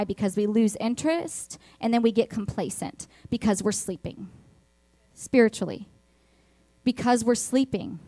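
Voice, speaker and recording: A woman's voice: on the high side, darkish tone, dry recording. Earnest woman preaching to an online church. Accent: Texas. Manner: earnest storytelling with emphatic repetition. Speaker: church speaker. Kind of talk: sermon to an online congregation.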